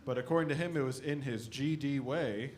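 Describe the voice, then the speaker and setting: A stand-up comedian man from the American Midwest, telling animated stories about his family on a club stage. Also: medium pitch, fairly quick. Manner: animated storytelling, shouting impressions of his dad.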